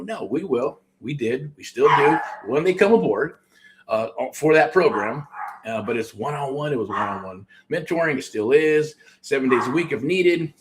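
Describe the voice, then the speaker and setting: A middle-aged man from the United States hosting a show, talking casually and pitching a program, rambling with restarts and frequent swearing. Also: noisy background. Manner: rambling, profane, self-interrupting. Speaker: host. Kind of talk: casual promotional talk.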